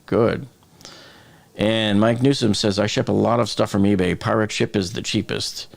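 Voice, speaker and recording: Gravelly-voiced man hosting a chatty live stream. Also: on the low side, fairly even intonation, moderate pace. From Boston area. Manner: chatty, joking, reads viewer comments aloud. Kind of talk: casual live stream chat.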